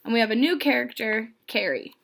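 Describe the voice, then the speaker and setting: Woman storyteller, children's read-aloud, guiding listeners, fairly high voice. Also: a little fast, creaky, fairly bright tone, a little hiss or hum. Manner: friendly, guiding young listeners through pictures. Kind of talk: reading a children's book aloud.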